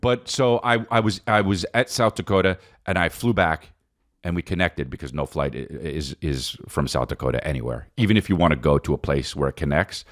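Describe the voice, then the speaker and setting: A man hosting a podcast as a comedian, rambling through a profane, animated comic monologue and calling the listener dude. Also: sits low, a little fast.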